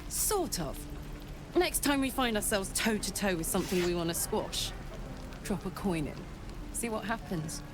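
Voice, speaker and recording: A woman's voice: mid-range voice, expressive, normal speed, close to an everyday voice. Woman doing a blunt tiefling warrior girl from a video game, brash and eager, voice swings up and down a lot, faint music behind. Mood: playful. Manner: blunt and cheerfully crude.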